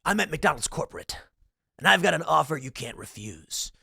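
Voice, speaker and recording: A man voicing a male corporate recruiter on a phone call who makes a job offer in a slow, drawn-out, lower voice. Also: sing-song, gravelly, bright, forceful tone, breathy edge, no room sound, studio quality, heavily acted. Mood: salesy.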